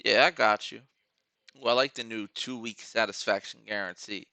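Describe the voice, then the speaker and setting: A man's voice: lowish voice, steady tone, moderate pace, bright, forceful tone, dry recording. A man hosting a live trading stream, rambling casually to his viewers while watching charts.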